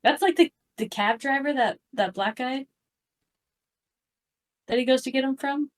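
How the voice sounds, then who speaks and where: A woman co-hosting a podcast in casual chat, chiming in with short relaxed remarks. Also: sits high, unhurried. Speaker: podcast co-host.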